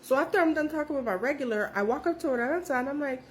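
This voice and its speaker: A woman telling a story in a casual, profane, animated way, with her voice jumping up when she quotes people. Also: racing, a little hiss or hum. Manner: animated, profane, jumps high when quoting others.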